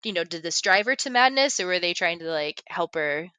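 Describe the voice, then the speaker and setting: A woman speaks in a lowish voice with a bright, forceful edge, recorded dry and close. She works through her ideas as questions, leaning on fillers as a guest in a casual podcast chat. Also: animated, brisk, clean tone, no room sound. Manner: thoughtful, questioning, filler-heavy.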